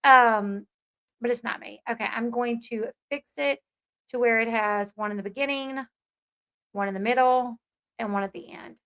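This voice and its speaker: A woman's voice: a little high, moderate pace, fairly bright tone. A woman hosting an opinionated commentary channel, chatty and rambling with many fillers.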